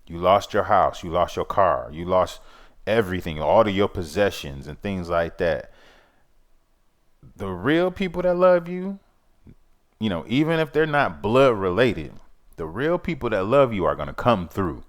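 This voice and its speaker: A man's voice: low-pitched, lively intonation, moderate pace. A man hosting his own vlog, talking in a rambling, earnest and somewhat preachy way, often repeating "you know what I mean". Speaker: vlog host. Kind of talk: casual monologue.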